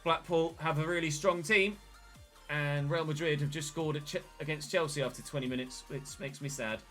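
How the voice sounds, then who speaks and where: A man, casually commentating his football management game and breaking into excited shouts at big moments. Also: fairly high pitch, normal speed, faint music behind. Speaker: gaming channel host.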